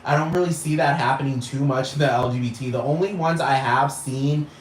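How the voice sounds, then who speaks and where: A man's voice: mid-range voice, fairly quick. A man ranting on a vlog, exasperated and profane, piling up rhetorical questions. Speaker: vlogger. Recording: roomy echo with faint noise.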